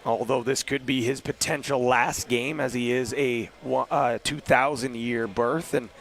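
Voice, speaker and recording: Hoarse man calling a lacrosse game. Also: medium pitch. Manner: fast, excited calls on goals. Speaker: play-by-play commentator. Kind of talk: live sports commentary. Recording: noisy arena broadcast.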